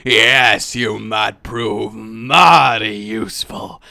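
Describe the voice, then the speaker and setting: A man putting on a deep, threatening villain voice, slow and imperious. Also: fairly even intonation, vocal fry, pushed and bright, no echo, studio quality, exaggerated voice. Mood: menacing.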